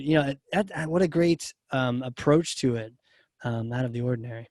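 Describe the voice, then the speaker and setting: A man hosting a live podcast, relaxed and joking with his guest and the audience. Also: mid-range voice, moderate pace, dry recording, clean studio sound. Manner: relaxed and joking, lots of short agreements. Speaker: podcast host. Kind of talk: casual live show hosting.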